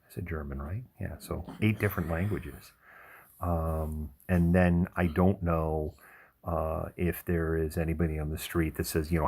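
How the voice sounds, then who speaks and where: A man hosting a livestream, telling rambling stories in a relaxed chat with frequent chuckles. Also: very deep voice, gravelly, slightly rough. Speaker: livestream host. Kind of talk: casual chat.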